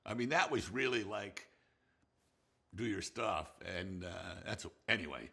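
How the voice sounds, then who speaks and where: An older man, a film director, telling anecdotes in an animated, laughing way with many restarts. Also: fairly low pitch, measured pace, husky. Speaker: film director recalling a colleague. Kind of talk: anecdotal storytelling.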